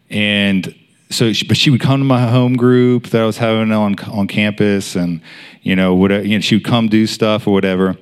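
A man in his thirties preaching a sermon in a casual, storytelling way, with many fillers. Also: on the low side. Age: 30s.

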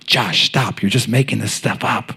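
A man's voice: fairly low pitch, moderate pace, gravelly, pushed and bright, husky, full character voice. A man voicing a taunting male devil who nags and mocks. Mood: mocking. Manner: nagging, mocking.

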